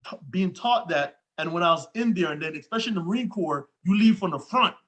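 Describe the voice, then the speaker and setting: A man, a co-host from Jamaica, reflecting on leadership in a relaxed, drawn-out way during a casual interview. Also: high-pitched.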